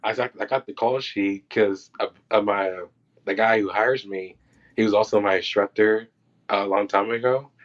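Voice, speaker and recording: Guy on a podcast telling set stories, lowish voice, kinda dull lo-fi sound, acts out the quotes. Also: normal speed. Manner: loose and animated, acting out quotes and reactions. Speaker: podcast guest, film crew electrician. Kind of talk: casual storytelling.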